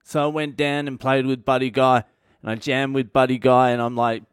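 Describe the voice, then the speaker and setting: A man with an Australian accent doing a comic storytelling monologue, blunt and profane with a deadpan delivery. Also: mid-range voice, normal speed, clean tone, dry recording, studio quality. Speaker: stand-up comedian.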